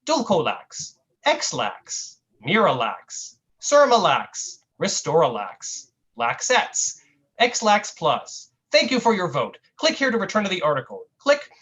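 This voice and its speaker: A man at an online open mic, reading a comic piece in a mock-earnest, satirical way and drawing out his deadpan asides. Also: sits high, takes it slowly, rough recording. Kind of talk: comic spoken-word reading.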